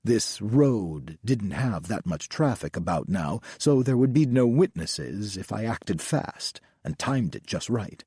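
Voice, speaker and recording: A man narrating an audiobook in a tense, measured way, with a husky voice. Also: on the low side, lively intonation, mellow, dry recording, studio quality.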